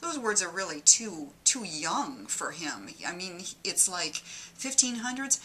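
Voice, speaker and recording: A woman with a Midwestern Detroit accent giving a deadpan comedic monologue of mock-earnest warnings. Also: fairly low pitch, a little slow, a little hiss or hum. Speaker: comic monologist.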